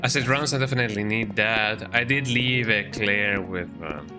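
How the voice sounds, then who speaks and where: A man's voice: lowish voice, normal speed. A young man streaming a video game, rambling casually and cooing baby talk at his cat between moves. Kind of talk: casual gameplay commentary. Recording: game music behind the voice.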